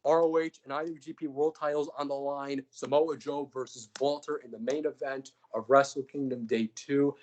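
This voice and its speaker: A man's voice: mid-range voice, level tone, moderate pace, hardly any pauses, darkish tone, dull audio. A young man, a podcast co-host, casually recapping fantasy-booked wrestling matches, rambling and joking with lots of fillers.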